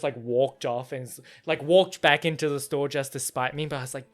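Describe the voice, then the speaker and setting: A young man hosts a casual solo podcast, his voice a little high and a little fast, with soft music in the background. He tells a story in an animated, profane way, swinging between loud outbursts and muttered asides.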